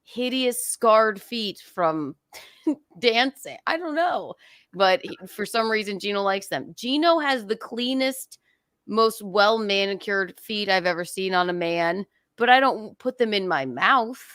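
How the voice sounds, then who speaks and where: A woman guest on a comedy podcast, telling stories with animated put-on voices, laughing often and swearing. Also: medium pitch, unhurried, no room sound, clean studio sound. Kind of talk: casual comedic chat.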